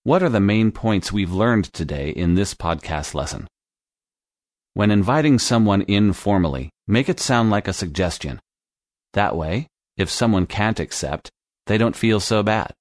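Deep dry voiced guy reading out an english lesson, slow and clear. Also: animated, dry recording. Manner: slow, clear teaching delivery. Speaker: English teacher. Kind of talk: scripted podcast lesson narration.

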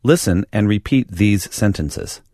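A man reading an English lesson script in a clear, deliberate teaching voice. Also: lowish voice, lively intonation, dark tone, no room sound, clean studio sound. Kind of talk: scripted language-lesson narration.

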